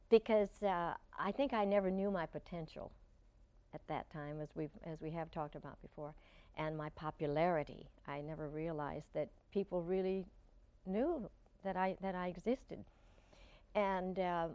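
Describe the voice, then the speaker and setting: Older woman, interview guest, reminiscing, halting restarts, lowish voice, dry close sound. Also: dry recording. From Portland, Oregon. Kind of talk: reflective interview talk.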